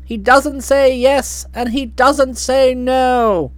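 A blustering middle-aged aunt with a quick temper and a hearty, slangy bark, as a woman reads her in an audiobook. Her voice sits high and she takes her time over the words. The sound is close and dry. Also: steady tone, no echo. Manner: bluff, hot-tempered, slangy. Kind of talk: audiobook reading.

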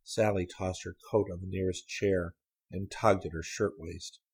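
A man reading a story aloud as an audiobook narrator, in a measured, even storytelling manner. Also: deep voice, breathy edge. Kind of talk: scripted narration.

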